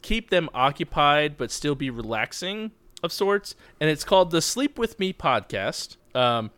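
A man's voice: on the high side, big pitch swings, unhurried, fairly bright tone, no room sound. Guy in his 30s rambling on a podcast, laughs a lot, dry close sound. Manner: rambling, self-deprecating, laughs often. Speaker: podcast co-host. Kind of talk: casual chat.

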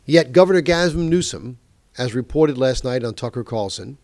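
A male talk radio host delivers a heated political monologue, slowing down to hammer each point. His voice sits at an ordinary middle pitch. The sound is dry and close, with no room around it. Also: expressive, a little mellow, no echo. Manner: emphatic, indignant, stresses words slowly.

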